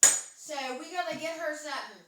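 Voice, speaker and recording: A woman's voice: high voice, expressive, normal speed, very noisy. A woman playing a brash, crude talk-show host in an improvised comedy sketch, rambling and tacking "okay?" onto nearly every phrase. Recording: very echoey room, mic far off.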